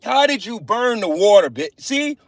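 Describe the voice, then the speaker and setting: High-voiced man, scornful profane preacher ranting on a livestream, dry close sound. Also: very animated, moderate pace, no echo. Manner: scornful, profane, quotes scripture.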